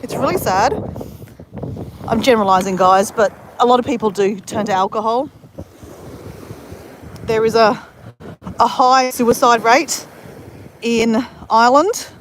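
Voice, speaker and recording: A woman chats casually on a live stream, rambling from one thought to the next and answering her viewers as she goes. Her voice sits a little high. She is outdoors on a beach, and wind buffets the phone mic throughout. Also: unhurried, long pauses. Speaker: vlogger.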